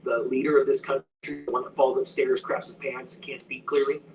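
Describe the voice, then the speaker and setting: A man's voice: medium pitch, flat delivery, fairly quick, creaky, darkish tone. A man commenting online in an urgent, warning tone, reading out news with fillers. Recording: distant clip with faint background noise.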